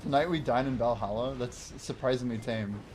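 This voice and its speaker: A man's voice: medium pitch, normal speed, background noise. A man chatting casually while livestreaming a game, answering viewer chat and laughing often. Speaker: game streamer. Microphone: wears headphones while streaming.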